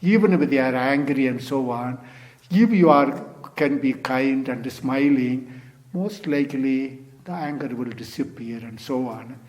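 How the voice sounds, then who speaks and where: A man's voice: medium pitch, measured pace, darkish tone. An older man, a Zen teacher, giving a dharma talk in loose, non-native English, often adding "you see" and "you know.".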